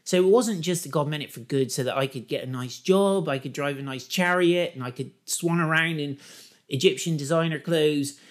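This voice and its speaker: A preacher giving a sermon and reading scripture, chatty with humorous asides and building to excited emphasis. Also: male voice, a little high, moderate pace. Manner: enthusiastic, rising to excited emphasis.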